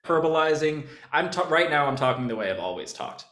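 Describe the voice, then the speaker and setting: A young man from New York with a general American accent, chatting in a relaxed, rambling way as a guest musician. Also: on the high side, fast talker. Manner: relaxed, rambling, laughs often. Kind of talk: casual interview chat. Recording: roomy echo.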